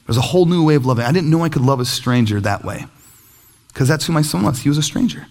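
Male pastor in his thirties, slightly high voice, swooping delivery, jokey sermon storyteller. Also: fast talker. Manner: animated storytelling with self-deprecating humor.

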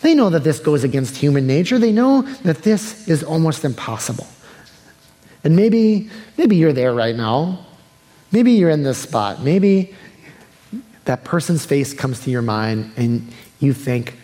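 A man's voice: a little high, sing-song, a little slow. Casual preaching man in a reverberant church. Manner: casual, conversational preaching that shifts to soft and earnest. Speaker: pastor. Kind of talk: sermon. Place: church sanctuary. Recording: long hall reverb.

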